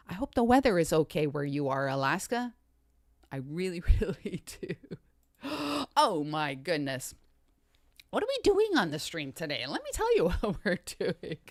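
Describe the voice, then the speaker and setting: A woman's voice: medium pitch, dry recording, clean studio sound. A woman hosting a casual livestream chat, upbeat and greeting viewers by name with repeated catchphrases. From Canada. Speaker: livestream host.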